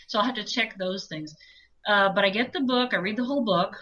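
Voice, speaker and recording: A woman audiobook narrator talking casually as an interview guest, telling animated stories with laughs. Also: medium pitch, a little fast, poor audio. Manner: chatty, animated storytelling with laughs.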